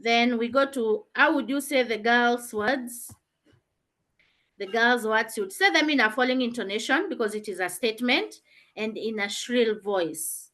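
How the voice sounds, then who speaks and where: Woman teacher on a video call, explains and questions students, slightly high pitch. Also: a little slow, a bit bright. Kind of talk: online revision class.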